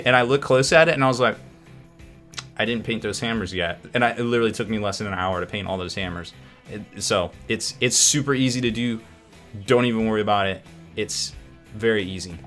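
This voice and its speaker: A man's voice: mid-range voice, fast talker, fairly bright tone, faint music behind. A man hosting a hobby painting show in casual live-stream chat, upbeat and rambling, laughing often.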